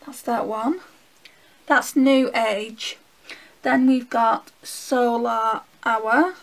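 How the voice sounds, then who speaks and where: A woman's voice: a little high, fairly even intonation, very slow, low-quality recording. A woman with a Northern English accent, chatting casually to viewers while she swatches makeup and thinks aloud. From England. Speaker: beauty vlogger.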